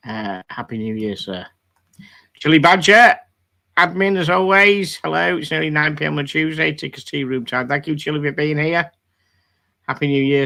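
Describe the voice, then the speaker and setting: A man's voice: mid-range voice, sharp tone. A man hosting a live stream, chatting casually and greeting viewers from the chat by name. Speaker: livestream host.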